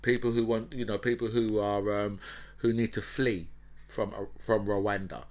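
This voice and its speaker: A man's voice: fairly low pitch, little pitch movement, moderate pace, a little mellow. A man, hosting an opinionated commentary monologue in a heated, ranting way, often checking in with "right?" and "you know". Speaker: political commentator and host.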